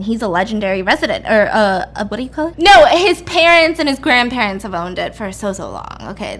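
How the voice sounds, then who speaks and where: Chatty woman retelling a story, animated. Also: fairly high pitch, a little hiss or hum. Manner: animated, acts out characters' lines in quotes; fast rambling, self-correcting, swears casually. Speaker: storyteller recapping a book. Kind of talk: casual storytelling chat.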